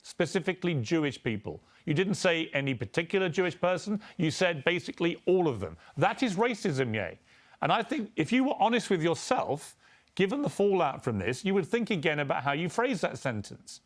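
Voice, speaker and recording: A man's voice: fairly high pitch, big pitch swings, brisk. A British man interviewing a guest on TV, pressing him with pointed questions. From Britain.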